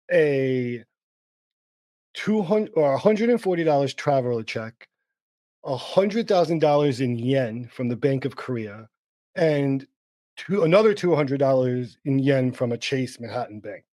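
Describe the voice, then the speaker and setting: A man's voice: medium pitch, a little slow, dry recording. A man co-hosting a podcast, telling a story casually from his outline with many fillers and restarts. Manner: relaxed, rambling with many fillers. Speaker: podcast co-host.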